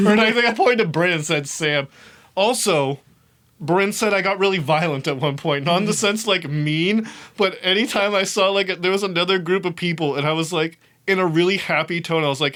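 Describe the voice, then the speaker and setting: Young male podcast host, slightly high voice, animated and swearing, loose storytelling. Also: fairly quick. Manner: animated, swearing, laughs while telling a story. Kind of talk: casual storytelling.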